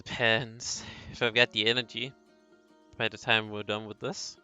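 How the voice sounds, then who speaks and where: A man's voice: lowish voice, little pitch movement, moderate pace, bright, forceful tone, smooth, soft background music. A man streaming a story game and tossing in offhand, joking asides between lines he reads aloud. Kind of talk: casual gameplay commentary.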